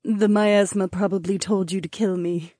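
A woman voicing a calm, kind young princess who speaks gently in an audiobook. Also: medium pitch, normal speed, dry recording, studio quality, natural voice. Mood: gentle. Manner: gentle and reassuring.

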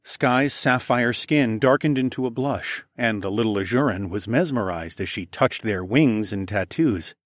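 A man's voice: on the low side, a little slow, few pauses, no room sound. Man narrating a fantasy audiobook, dry.

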